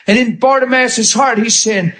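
A man preaching a sermon with impassioned storytelling, acting out scenes and often shouting. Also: very high-pitched, normal speed.

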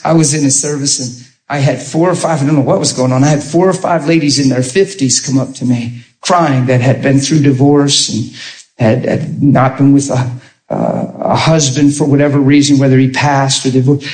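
A man's voice: medium pitch, moderate pace, reverberant. A man preaching a sermon, telling stories and acting out what people said to him. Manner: animated storytelling, acting out quotes.

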